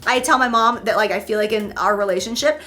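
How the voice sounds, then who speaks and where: A woman hosting a casual couple Q&A chat, animated and quick to act out her stories. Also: medium pitch, faint music behind. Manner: animated, acts out voices and stories. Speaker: host.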